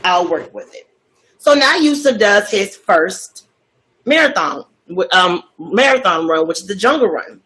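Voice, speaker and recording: A woman's voice: medium pitch, measured pace, low-quality recording. Chatty woman recapping a story. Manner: chatty, with animated quoted voices. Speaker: cooking vlog host.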